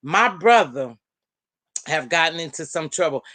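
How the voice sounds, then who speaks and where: A woman hosts a casual live-stream panel and gossips with friends she calls out by name. Her voice jumps between low and high as she talks. The sound is dry and close to the mic. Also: a little slow, no room sound. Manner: animated, talks straight to viewers and friends by name. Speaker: panel host.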